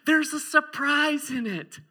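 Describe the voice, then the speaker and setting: A man putting on a giddy little boy's high voice. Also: takes it slowly, bright, forceful tone, full character voice. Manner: giddy, eager. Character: excited little boy bringing his dad coffee.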